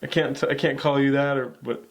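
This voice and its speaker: A man co-hosting a casual chat, relaxed as he plainly retells the events. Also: medium pitch, moderate pace, creaky. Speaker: podcast co-host. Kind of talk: casual chat recapping wrestling.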